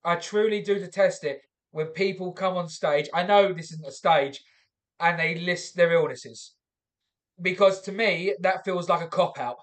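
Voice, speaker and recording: A man hosting a comedy contest, giving halting, casual feedback with many fillers. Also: high-pitched, fairly bright tone. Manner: hesitant, many fillers and restarts. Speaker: show host and judge.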